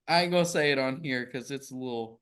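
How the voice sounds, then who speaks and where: A man's voice: mid-range voice, fast talker, a bit bright, clear, resonant tone. A man, co-hosting a podcast in casual, joking, playfully incredulous chat. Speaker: podcast co-host.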